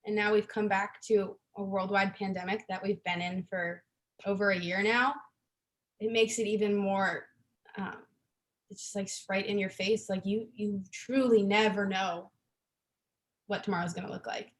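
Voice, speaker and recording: A young woman, a guest on a podcast, telling stories in a lively, chatty way with many fillers. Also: medium pitch, normal speed. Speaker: interview guest. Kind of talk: casual interview chat.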